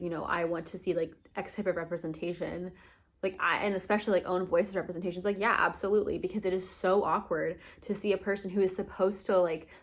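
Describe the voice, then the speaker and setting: Ranting young woman book vlogger. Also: mid-range voice. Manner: animated, frequent fillers, wry laughs. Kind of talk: casual opinion rant.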